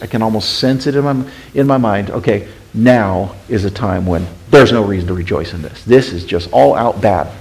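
A man preaching a sermon as pastor, questioning the congregation and swinging between hushed, intimate passages and emphatic, raised ones. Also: medium pitch, vocal fry, poor audio.

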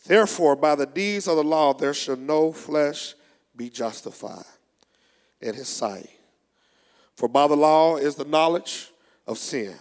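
Guy preaching a sermon, kinda high voice, big reverby church, reads verses slow then gets fired up. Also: expressive. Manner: reads scripture slowly, preaches with rising energy. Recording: long echo of a large hall.

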